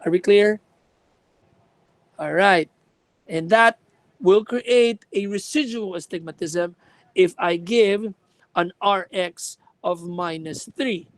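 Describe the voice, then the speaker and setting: A woman's voice: medium pitch, slow pace, long pauses, no echo, poor audio. A woman lecturing a class on contact lenses, explaining with examples and checking that students follow.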